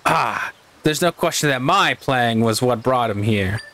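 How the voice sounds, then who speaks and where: A man's voice: medium pitch, lively intonation, unhurried, fairly bright tone. A man reading as a haughty fish-folk clan chief. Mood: boastful. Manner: haughty, boastful dialogue read aloud. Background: game music.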